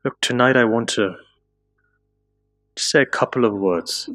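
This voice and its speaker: A man preaching a sermon, slowing down and rising to high, impassioned pleading as he tells stories. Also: a bit bright. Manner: slow, drawn-out emphasis. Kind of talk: emotional religious sermon.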